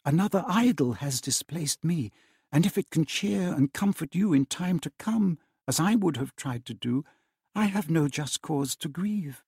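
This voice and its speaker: A man voicing a soft-spoken, sorrowful young woman. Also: high voice, animated, a little slow, vocal fry, slightly rough, dry recording, studio quality, voice pushed up, full character voice. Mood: sorrowful, gentle. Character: gentle young woman ending her engagement. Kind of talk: dramatic reading of a classic novel.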